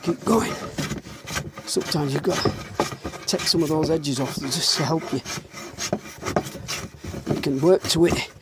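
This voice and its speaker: Speaking a little high at a measured pace and pausing often, this man from Northern England gives blunt commentary while woodworking in his workshop, slightly breathless. He mutters as he works, with occasional mild swearing. Workshop noises of planing, rubbing and wood can be heard clearly in the background.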